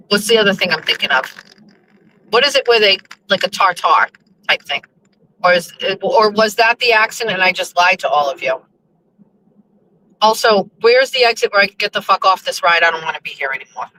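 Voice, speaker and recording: A woman's voice: mid-range voice, pushed and bright, slight background noise, poor audio. A young woman host chatting casually to her listeners while driving, rambling and cursing in exasperation. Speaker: show host.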